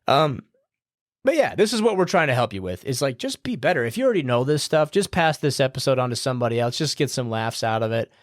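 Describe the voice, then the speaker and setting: A man's voice: medium pitch, sing-song, fast, dry recording, studio quality. A man hosting a podcast, giving casual advice in a loose, rambling way with fillers and the odd swear word, in an upbeat, smiling tone. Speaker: podcast host.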